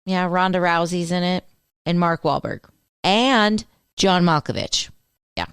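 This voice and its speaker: A woman co-hosts a radio show in casual morning banter. Her voice is smooth and clear, recorded dry and close. She drops short, wry, teasing quips. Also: on the low side, unhurried, dry recording.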